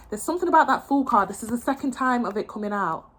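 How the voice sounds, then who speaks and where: A woman's voice: on the high side, expressive, quick pace, fairly bright tone. A young adult woman giving a casual tarot reading, talking in an emotional, encouraging way with frequent restarts and repeated phrases. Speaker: tarot reader.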